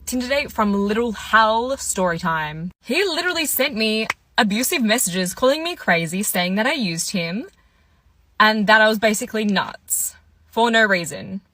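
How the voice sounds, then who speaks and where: A woman's voice: mid-range voice, expressive, normal speed, fairly bright tone. A young woman telling a dating storytime in a chatty, exasperated way, acting out both sides of the conversation. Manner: chatty, exasperated retelling with quoted dialogue. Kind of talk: casual storytime.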